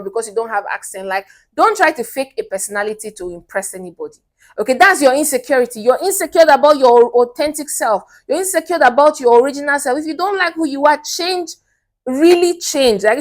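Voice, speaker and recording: A young Nigerian woman with a Nigerian accent, talking straight to camera as a relationship coach, emphatic and repetitive, often breaking into a personal story. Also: on the high side. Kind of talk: direct-to-camera advice talk.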